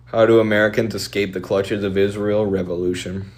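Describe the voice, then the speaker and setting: A man streaming and answering viewer questions in a quick, offhand, opinionated way. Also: on the low side, little pitch movement, darkish tone.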